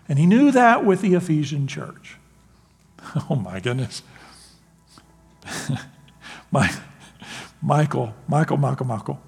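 Pastor guy preaching, husky voice, lots of swing in pitch, big churchy reverb. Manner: animated preaching with laughs and acted quotes. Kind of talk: sermon.

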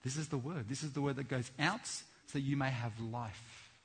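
Fervent husky-voiced male preacher. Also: mid-range voice, normal speed. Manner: swings between loud fervent exhortation and hushed earnest tones. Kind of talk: sermon.

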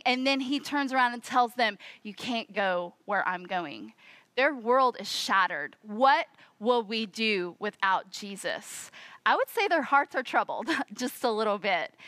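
A woman preaches a sermon in a bright voice that sits a little high. She is expressive and acts out the quoted voices as she tells the story. The sound is close and dry. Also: no echo.

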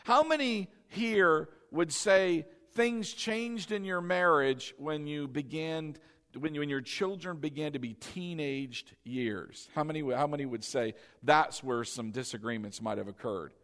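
A male pastor delivering a sermon, leading the congregation in call-and-response and swinging from loud, emphatic peaks down to soft, intimate asides. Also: fairly high pitch, unhurried, big-room sound. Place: church sanctuary.

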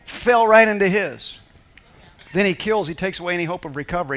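High, bright-voiced male pastor preaching. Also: animated, fairly quick. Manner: emphatic, swings from quiet to shouting. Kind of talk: sermon.

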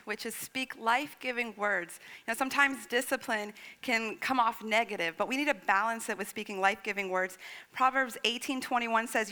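A woman's voice: a little high, bright, forceful tone. A woman in her thirties preaching a sermon, telling stories expressively and acting out her child's lines. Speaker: pastor.

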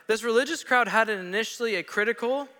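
A man's voice: very high-pitched, quick pace, sharp tone. A man preaching a sermon as pastor, telling stories animatedly with quoted voices. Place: church sanctuary. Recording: long reverb of a church hall.

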